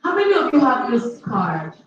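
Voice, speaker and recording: A woman's voice: high voice, very animated, normal speed, heavy reverb, recorded from a distance, dull audio. A woman organizing a workshop, encouraging students and repeating her questions to the room. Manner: encouraging, repeats herself, addresses students directly.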